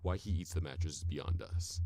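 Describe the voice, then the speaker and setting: A man giving a calm, explanatory scripted narration for a list video. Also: deep voice, normal speed, noisy background.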